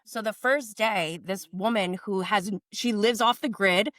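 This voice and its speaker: A woman with a mid-range, slightly bright voice talks a little slowly as a podcast guest, casually recapping a reality TV episode and saying "like" constantly in a chatty storytelling way. The recording is dry and studio quality.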